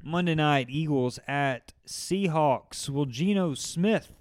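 A man's voice: fairly high pitch, slow pace. A man co-hosting a podcast, wryly arguing in casual sports banter. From Georgia, US. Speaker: podcast co-host.

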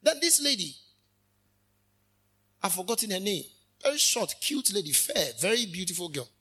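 A male minister delivers a fervent sermon. His voice sits high and sharp with a husky, breathy edge. He swings from hushed asides to sudden loud bursts. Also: sing-song, moderate pace.

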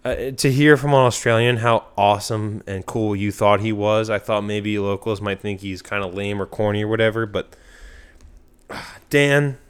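A man from Pennsylvania hosting a casual podcast, rambling and swearing freely as he talks excitably with a friend. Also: fairly low pitch, moderate pace, smooth. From Pennsylvania, USA. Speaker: podcast host.

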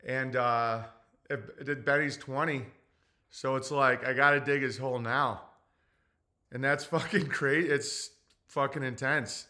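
A man in his forties, hosting a livestream, talking in a halting, emotional way, tearful, with many fillers and blunt profanity. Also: medium pitch, steady tone, bright, forceful tone. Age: 40s. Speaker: livestream host. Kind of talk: casual livestream talk reading chat.

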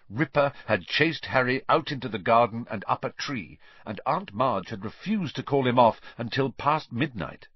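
A man narrating an audiobook in an expressive storytelling manner. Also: on the low side, breathy edge, no room sound. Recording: dull, dry recording.

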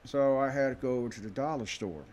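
A man who is a guest on a podcast, telling a story in casual chat and acting out the dialogue in a lively way. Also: medium pitch, quick pace, a little hiss or hum. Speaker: guest, Elvis tribute performer.

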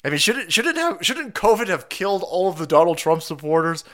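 A man's voice: high-pitched, big pitch swings, normal speed, pauses often, a bit bright. A man hosting a casual livestream, congested from a cold and a bit winded, talking in a sarcastic, profane, rambling way. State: stuffy nose from a cold. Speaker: streamer host.

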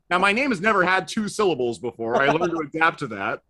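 A middle-aged man telling stories in a relaxed podcast conversation, with a wry, self-deprecating manner. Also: fairly high pitch, fast, hardly any pauses. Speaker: podcast guest. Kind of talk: casual conversational storytelling.

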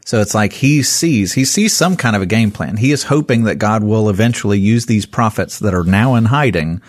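A man's voice: fairly low pitch, lively intonation, moderate pace, no echo, clean studio sound. A man co-hosting a casual Bible study talk, thoughtfully explaining a passage. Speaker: podcast co-host.

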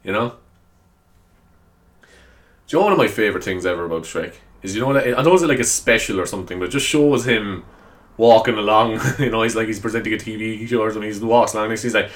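A man's voice: fairly low pitch, fast. A man hosting a solo podcast, chatting casually in a rambling, self-deprecating way and laughing often. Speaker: podcast host.

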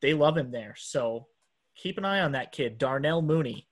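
A man's voice: mid-range voice, lively intonation, moderate pace. A man co-hosting a sports podcast, talking earnestly in casual chat with frequent restarts. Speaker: podcast co-host.

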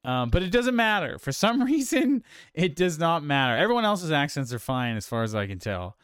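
Guy on a movie podcast, rambly, lots of ums, smooth voice, dry close mic. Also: on the high side, big pitch swings, moderate pace, fairly bright tone, dry recording. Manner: rambling, many fillers and restarts, laughs easily. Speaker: podcast host. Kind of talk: casual film discussion.

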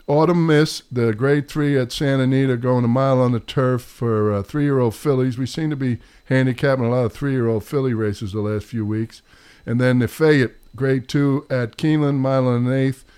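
A man's voice: medium pitch, steady tone, normal speed, a little mellow, clear, resonant tone. A man with a New York accent hosting a casual sports chat, rambling and poking fun at himself. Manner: rambling, self-mocking. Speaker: podcast host.

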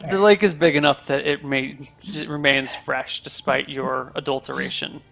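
A man running a tabletop game as game master, chatty and relaxed. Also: on the high side, moderate pace, gravelly, faint music behind.

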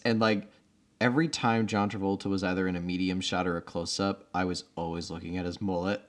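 A man's voice: sits low, steady tone, fairly quick. A man in his forties co-hosting a casual podcast chat, playful and laughing often. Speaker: podcast co-host.

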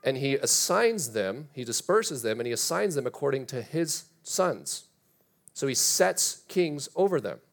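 Man preaching an animated sermon. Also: medium pitch, unhurried, vocal fry. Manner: animated preaching, reads scripture aloud, rhetorical questions. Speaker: pastor.

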